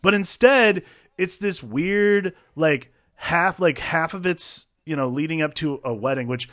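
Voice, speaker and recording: A man's voice: fairly high pitch, unhurried, fairly bright tone. A man co-hosting a casual movie review podcast, rambling and profane, full of fillers. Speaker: podcast co-host.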